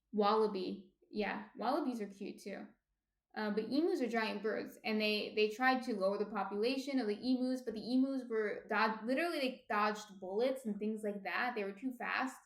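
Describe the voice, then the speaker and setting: A woman from New Jersey talks through a home baking livestream, reading viewer comments aloud and wandering off on tangents. Her voice sits at an ordinary middle pitch, full of fillers and restarts. The sound carries a noticeable echo from the kitchen around her. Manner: chatty, rambling with many fillers and restarts. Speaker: baking streamer.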